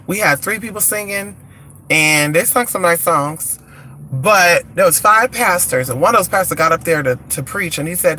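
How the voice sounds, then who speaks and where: Man, fairly high voice, casual profane live-stream chatter, road noise behind. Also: animated, normal speed, bright, forceful tone. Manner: profane, chatty, reads out viewer comments. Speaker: vlogger.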